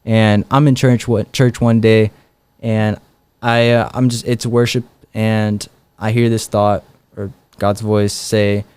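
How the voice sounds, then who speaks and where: Young man, evangelist guest, casual storytelling, rambling with fillers, low mellow voice. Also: flat delivery, takes it slowly, clear, resonant tone, no room sound. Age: young adult. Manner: rambling, many fillers and quoted dialogue.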